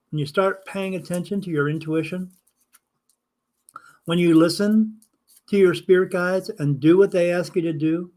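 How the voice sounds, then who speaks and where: An older man, a spirit medium hosting a live stream, telling a casual anecdote in an animated way, acting out the dialogue and swearing now and then. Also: high-pitched.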